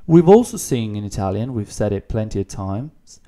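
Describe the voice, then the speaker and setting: A man's voice: fairly low pitch, big pitch swings, moderate pace, warm tone. A man teaching an online beginner language lesson, explaining patiently and repeating words for practice. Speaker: Italian teacher.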